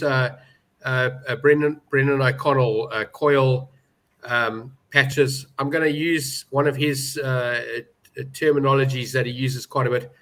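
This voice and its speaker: A man's voice: medium pitch, bright, forceful tone. A man giving emphatic, indignant betting opinions on a panel, with many restarts. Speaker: betting pundit. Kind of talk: animated panel discussion.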